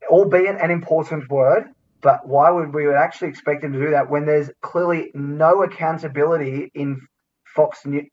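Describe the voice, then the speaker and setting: A man co-hosting a podcast, making a measured argument in casual chat. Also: fairly high pitch, recorded from a distance, muffled recording. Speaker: podcast co-host.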